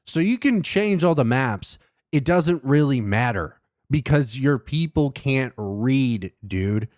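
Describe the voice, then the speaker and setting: A man's voice: medium pitch, lively intonation, takes it slowly, darkish tone, no room sound, clean studio sound. A man hosting his own show in a casual monologue, ranting with sarcasm and profanity. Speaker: podcast host.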